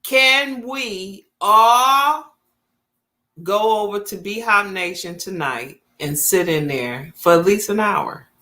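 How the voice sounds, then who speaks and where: A woman's voice: lowish voice, measured pace, hardly any pauses, a bit bright. A woman, chatting casually with viewers as host of her livestream. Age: 50s. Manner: chatty, talks straight to viewers.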